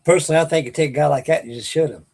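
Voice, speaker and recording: An older man, talking in a meandering, folksy way to his viewers. His voice is husky and sits a little high for a man. He often stops partway through a sentence and starts it again. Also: rapid-fire, darkish tone. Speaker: host of a live stream. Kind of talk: rambling casual chat to viewers. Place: home at night.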